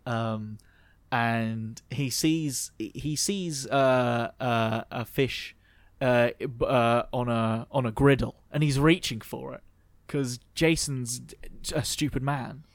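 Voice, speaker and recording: A man's voice: mid-range voice, fairly even intonation, slow pace, hardly any pauses, no room sound. Game master, man, mid-range voice, giggly playful narration.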